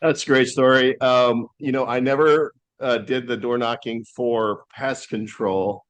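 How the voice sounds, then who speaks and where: A man's voice: medium pitch, steady tone, unhurried, no echo. A man hosting a podcast, asking questions in a friendly, loose way with many fillers. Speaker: podcast host. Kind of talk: casual interview.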